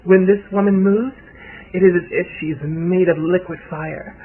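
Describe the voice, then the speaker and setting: A man voicing a glamorous young businesswoman who speaks in a hushed, cooing drawl, on a tinny, lo-fi recording. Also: lowish voice, fairly even intonation, unhurried, pitched above the performer's own voice. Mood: gushing, adoring. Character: glamorous young woman entrepreneur, gushing. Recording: tinny phone-like lo-fi sound.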